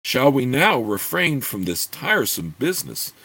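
A man's voice: mid-range voice, sing-song, moderate pace, sharp tone, husky, exaggerated voice. A man voicing a proud, suspicious demoness queen who speaks in a stately, formal way. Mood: regal.

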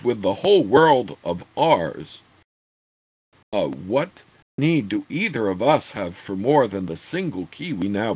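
A man voicing an ancient scheming witch woman who speaks in a measured, formal way. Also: fairly low pitch, husky, no room sound, exaggerated voice.

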